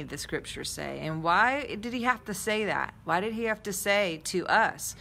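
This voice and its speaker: A woman's voice: mid-range voice, animated, measured pace, creaky, hardly any pauses, a bit bright. A woman giving a spiritual talk and leading a guided visualization, earnest and repetitive, lingering on key words. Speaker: spiritual teacher.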